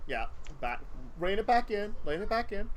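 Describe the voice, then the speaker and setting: A man narrating a tabletop game as game master on a livestream, describing scenes in a relaxed, rambling way with many fillers. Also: sits high, moderate pace.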